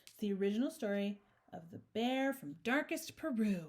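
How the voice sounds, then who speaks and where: A woman's voice: medium pitch, lively intonation, moderate pace, darkish tone. A woman hosting a storytime, reading a picture book aloud with chatty, playful asides. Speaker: storytime host.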